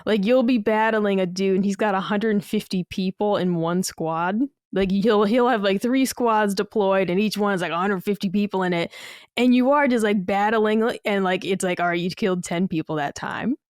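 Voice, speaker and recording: Smooth-voiced woman, chatty podcast rambler. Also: mid-range voice, moderate pace, darkish tone, no room sound, clean studio sound. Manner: rambling, filler-heavy, laughs and swears casually. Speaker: podcast co-host. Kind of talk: casual gaming podcast chat.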